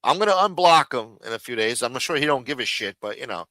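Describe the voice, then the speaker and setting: A man's voice: medium pitch, animated, quick pace, bright, forceful tone, no room sound. A man hosting a live stream in a casual, profane rant, with many fillers, repeated phrases and muttered asides.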